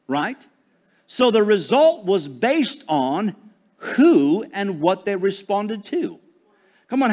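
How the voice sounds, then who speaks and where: A man from Michigan preaching a sermon to his congregation, calling for responses and rising loud on key phrases. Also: high-pitched. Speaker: pastor.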